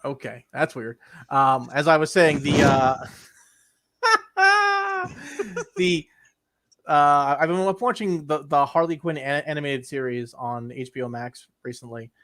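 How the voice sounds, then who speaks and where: A man's voice: fairly high pitch, very animated, unhurried, pauses often, bright, forceful tone. A young man co-hosting a podcast, chatting casually in a rambling way with crude jokes and lots of repeated words. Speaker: podcast co-host. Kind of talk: casual chat.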